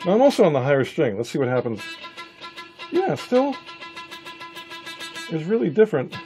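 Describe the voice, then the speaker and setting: A man's voice: on the high side, very animated, very fast, mellow. A man giving a casual guitar lesson, thinking aloud with frequent restarts. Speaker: guitar teacher. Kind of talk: casual instructional talk.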